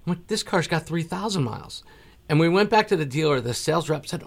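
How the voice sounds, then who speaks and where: A man hosting a talk show, telling stories in a lively casual way and acting out the people he quotes. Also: on the high side, fast, creaky. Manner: animated storyteller, acts out quoted exchanges. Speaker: host.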